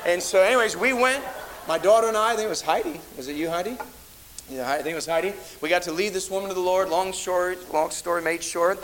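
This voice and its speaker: A man's voice: high-pitched, quick pace, a bit bright, slight background noise, rough recording. A middle-aged man preaching a sermon as a pastor, telling stories in a rambling way with many restarts. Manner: rambling anecdotal delivery with frequent restarts. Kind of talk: storytelling sermon.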